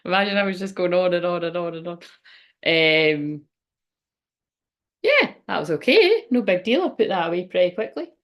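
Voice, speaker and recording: A woman's voice: fairly low pitch, big pitch swings, moderate pace, pauses often. A woman reading oracle cards on a casual livestream, chatty and rambling, often exclaiming and laughing at herself. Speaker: tarot and oracle card reader hosting a livestream.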